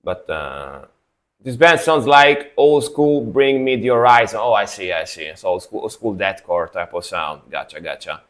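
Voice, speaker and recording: A man's voice: fairly low pitch, lively intonation, moderate pace, a bit bright. A young man from Italy casually chatting to his live-stream audience, sleepy after a nap and rambling in a laid-back way. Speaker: streamer reacting to music.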